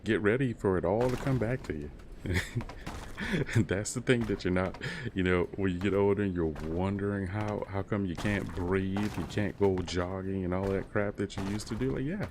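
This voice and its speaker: A man's voice: sits low, steady tone, moderate pace, background noise. A man in his thirties chatting casually while gaming on a stream, rambling and laid-back. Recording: keyboard clicks and typing behind.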